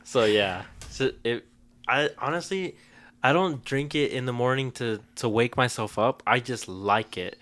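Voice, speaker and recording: A man's voice: medium pitch, a little slow, fairly bright tone, slight background noise. A young man co-hosting a podcast, telling stories in easygoing casual chat. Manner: easygoing storyteller, laughs often. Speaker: podcast co-host.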